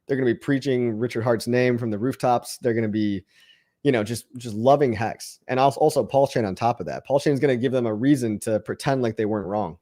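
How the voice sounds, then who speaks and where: A man's voice: medium pitch, brisk, dark tone. A man hosting a livestream and answering chat questions in a casual, upbeat pep talk that rambles and restarts words. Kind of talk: casual motivational rant.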